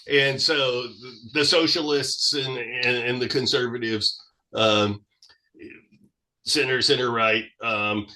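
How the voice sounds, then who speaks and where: A man with a bright, forceful voice talks through history as an interview guest. He explains at length, with lively swings in his delivery, in the manner of an engaged expert. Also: medium pitch.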